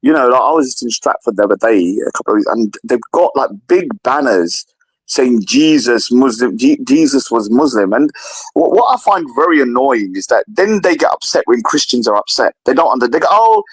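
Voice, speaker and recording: Animated man chatting politics. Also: fairly quick, husky, no room sound, rough recording. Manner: animated, repeats himself, mimics others in a higher voice. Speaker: podcast co-host. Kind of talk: casual political chat.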